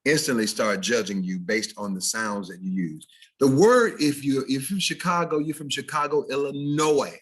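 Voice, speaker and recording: Southern guy teaching a class over a video call, kinda husky voice, animated, drops into dialect examples. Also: medium pitch, normal speed. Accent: Southern American. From Southern United States. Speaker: educator teaching diction. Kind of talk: recorded video-call presentation.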